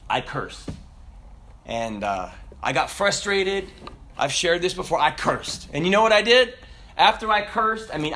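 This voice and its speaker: A man preaching a sermon, telling stories with laughter in an animated, lively way. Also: sits high. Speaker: pastor.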